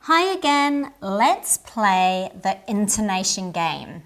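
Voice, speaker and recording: Very slow, deliberate woman teacher. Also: mid-range voice, very animated. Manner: careful, deliberate enunciation. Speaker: English teacher. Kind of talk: scripted language lesson.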